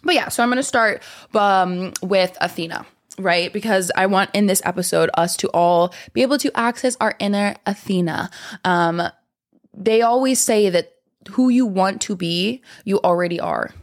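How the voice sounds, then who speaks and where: A woman's voice: medium pitch, moderate pace. A young woman chats on her own podcast in a loose, rambling way. She is bubbly and giggly, with a mid-range voice, and she talks fondly to her listeners. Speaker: podcast host. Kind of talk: casual chatty podcast monologue.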